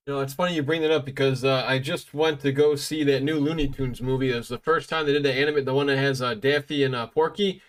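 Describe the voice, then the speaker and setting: A man's voice: mid-range voice, steady tone, fast talker, few pauses. A man hosting a casual podcast, rambling with many fillers and restarts. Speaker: podcast host.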